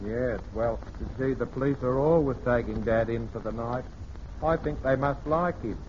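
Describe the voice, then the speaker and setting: An actor playing a gormless, slow-witted young man in a radio sitcom, dopey and dim. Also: medium pitch, a little mellow, a little hiss or hum, natural voice. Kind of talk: vintage radio sitcom acting. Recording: dull lo-fi vintage radio recording.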